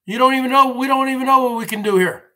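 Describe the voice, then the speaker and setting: A man's voice: extremely high pitch, quick pace, bright, forceful tone. A man hosting a livestream, ranting in a rambling, repetitive monologue and often addressing his viewers as folks. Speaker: livestream host.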